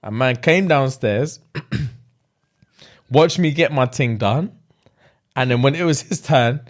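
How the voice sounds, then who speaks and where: A man's voice: mid-range voice, slow pace. A young British man, a podcast co-host, telling a comic story in casual slang-filled chat and laughing often. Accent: British English.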